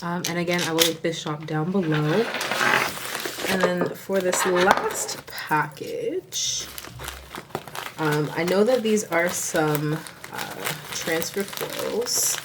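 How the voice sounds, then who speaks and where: Brief: Southern US woman, nail vlogger, slow unhurried talk, noisy home recording with crinkling behind. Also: on the low side. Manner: chatty, filler-heavy, bursts into gasping excitement. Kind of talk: casual haul video chat.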